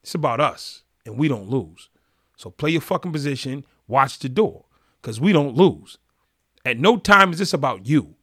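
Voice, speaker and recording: A man's voice: medium pitch, animated, normal speed, a bit bright, husky, no echo, studio quality. A man voicing a stern, commanding male prison gang leader who speaks bluntly and swears. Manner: blunt, profane, raises voice.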